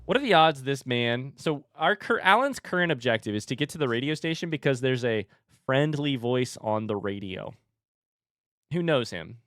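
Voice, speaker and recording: A man's voice: medium pitch, expressive, moderate pace, fairly bright tone, clean tone, dry recording, clean studio sound. A young man casually commenting on a game he is playing live, chatting with viewers, reading their messages aloud and swearing now and then. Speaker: streamer. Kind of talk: casual let's-play commentary.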